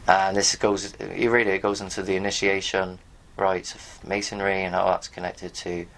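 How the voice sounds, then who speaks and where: A man with a somewhat low voice talks casually to the camera, rambling and blunt, with the odd swear word. He reads bits from pages on screen and speaks straight to his viewers. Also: flat delivery, normal speed, a bit bright. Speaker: video host. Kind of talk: casual commentary while reading from pages on screen.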